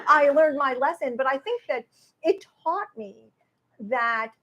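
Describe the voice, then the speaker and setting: A woman in her sixties, an author being interviewed at a live event, telling her story in an animated way and acting out quoted exchanges. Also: high voice, unhurried, dull audio, some chatter behind. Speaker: author and guest.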